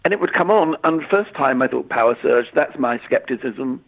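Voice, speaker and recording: An English man in his sixties, a medium, answering interview questions in a halting way, often repeating words and using fillers. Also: a little high, lively intonation. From England. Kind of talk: conversational interview. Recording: tinny phone-line audio.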